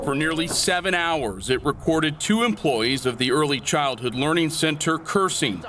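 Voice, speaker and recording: A man reporting for local TV news, reading a scripted segment in a measured, formal way. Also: on the high side, lively intonation, sharp tone.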